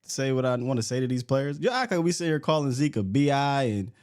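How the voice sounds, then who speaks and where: A man hosting a casual sports talk show, blunt and animated, slangy, sometimes reading names off a list. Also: mid-range voice, brisk. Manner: blunt, animated, slangy, reads lists aloud. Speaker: sports podcast host.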